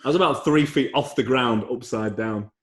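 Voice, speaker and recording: A man's voice: medium pitch, moderate pace, reverberant. A man, a podcast co-host in casual chat who speaks bluntly and swears casually.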